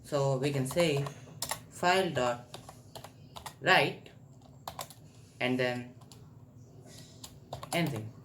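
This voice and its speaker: Slow, patient male coding tutor. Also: fairly high pitch, a bit bright. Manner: patient step-by-step explaining, thinking aloud. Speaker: programming tutor. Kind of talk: screen-recorded coding tutorial. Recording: faint background noise.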